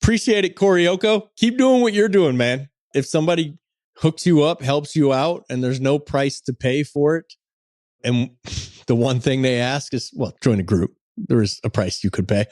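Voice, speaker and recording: Man, podcast co-host, mid-pitched voice, upbeat and jokey, dry close sound. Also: darkish tone, no room sound. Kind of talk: casual podcast chat and ad read.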